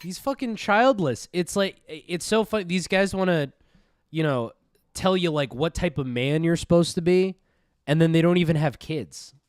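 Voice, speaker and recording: A man riffs sarcastically on a clip, swearing freely and with plenty of animation. His voice is smooth and clear and sits a bit high for a man. The recording is dry and close. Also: normal speed, no room sound. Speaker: commentary streamer. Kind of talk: casual commentary over a played clip.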